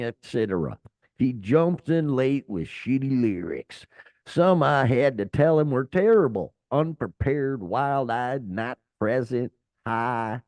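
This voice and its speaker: A man voicing a blunt, bitter male musician in a put-on Southern drawl, raised above his own voice and read slowly and emphatically. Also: mid-range voice, darkish tone, dry recording, voice pushed up.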